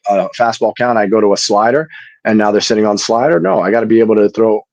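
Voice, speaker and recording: A middle-aged man and former baseball pitcher talking casually as a podcast guest, telling stories and often repeating words as he starts sentences. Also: quick pace, a little mellow, no room sound, highs cut off. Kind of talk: casual chat.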